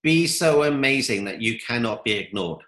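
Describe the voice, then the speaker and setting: Upbeat motivational guy telling stories, bright sharp voice, roomy echo. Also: mid-range voice, animated, moderate pace. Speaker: guest, coach. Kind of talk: interview answers.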